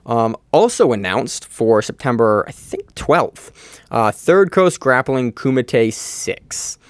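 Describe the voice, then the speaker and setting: A man's voice: medium pitch, big pitch swings, slow, clean tone, no room sound. A man hosting a podcast, talking in a loose, chatty way with casual swearing, close to the mic. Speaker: podcast host.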